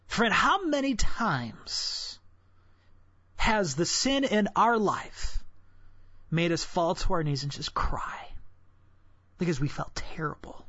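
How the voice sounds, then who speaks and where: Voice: medium pitch, sing-song, slow, long pauses, slightly rough, no room sound. Whispery, conversational preacher, lo-fi sound. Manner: conversational, drops to a hushed whisper for solemn points. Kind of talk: devotional sermon. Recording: dull, dry lo-fi recording.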